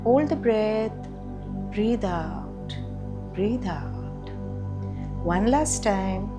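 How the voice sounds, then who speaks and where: A woman's voice: medium pitch, animated, very slow, over music. A woman meditation teacher leading a guided meditation, giving soothing, repetitive instructions to breathe and relax.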